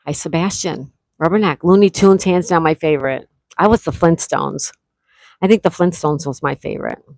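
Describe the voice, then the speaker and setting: A middle-aged woman from Florida hosts a casual livestream, chatting and reading viewers' comments aloud while greeting each person by name. Her low, darkish voice moves at a normal speed, with no room sound but low recording quality.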